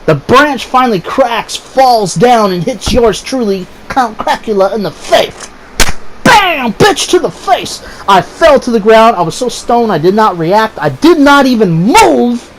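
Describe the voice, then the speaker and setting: A man in his thirties telling a story in a casual, profane, animated way, swearing freely and acting out his friends' voices. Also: high voice, measured pace, hardly any pauses, a little hiss or hum, rough recording.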